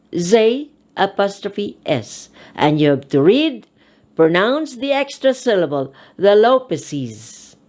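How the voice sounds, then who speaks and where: A woman teaching grammar in a slow, measured way, with a voice that rises and falls widely as she stresses each example. She spells words out letter by letter and repeats them with care. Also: mid-range voice, a little mellow. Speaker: English speech teacher. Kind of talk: classroom grammar lesson.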